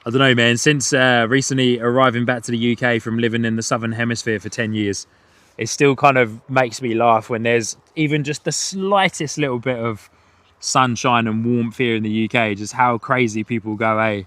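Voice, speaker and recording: A man's voice: medium pitch, steady tone, normal speed, fairly bright tone, no echo. A British man with an Australian and New Zealand twang, hosting a live plane-spotting stream outdoors at an airport, chatting and laughing often as he reads viewer messages. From United Kingdom. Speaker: livestream host.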